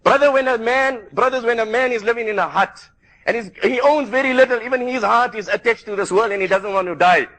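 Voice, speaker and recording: A man's voice: very high voice, quick pace, fairly bright tone, low-quality recording. A man preaching a sermon to a gathering, fervent and emphatic. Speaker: Islamic preacher.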